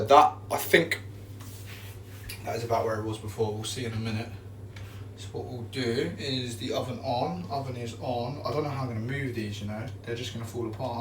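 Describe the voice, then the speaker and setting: A man chatting casually on a live stream while he bakes in his kitchen, excitable and repeating his catchphrases. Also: mid-range voice, distant mic. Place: home kitchen. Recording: roomy echo, away from the mic.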